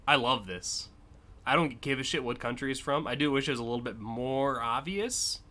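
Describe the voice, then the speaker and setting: A man's voice: mid-range voice, normal speed, bright, forceful tone. A man streaming live, casually and enthusiastically judging car designs, with frequent fillers and swearing.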